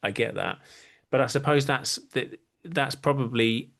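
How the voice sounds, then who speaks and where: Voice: mid-range voice, unhurried, creaky, a bit bright. Podcast host, casual interview, agreeable, hesitant, restarts. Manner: hesitant, agreeable, thinks aloud.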